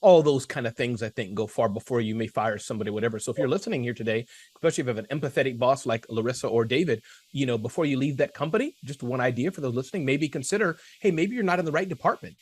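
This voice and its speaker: A man hosting a casual panel chat, telling self-deprecating stories in an animated way. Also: mid-range voice, fast, dry recording. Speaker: host.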